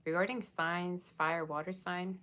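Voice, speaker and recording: A woman's voice: fairly low pitch, fairly even intonation, unhurried, bright, forceful tone, a little hiss or hum. A woman giving a casual tarot reading, chatting and rambling straight to her viewers. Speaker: tarot reader.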